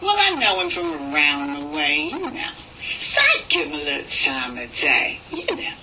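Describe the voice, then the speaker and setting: Brief: a woman doing a sassy, strutting New York street woman. Thick New York accent, rhythmic sing-song, bright voice, pitch jumping all over. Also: wildly swooping pitch, normal speed, a little hiss or hum, full character voice, rough recording.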